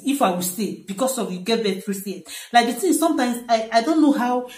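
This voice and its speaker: A woman's voice: a little high, expressive, brisk, darkish tone. Angry woman ranting in an echoey room. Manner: heated, repetitive, rhetorical questions with "eh?". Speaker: vlogger. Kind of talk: angry rant to camera.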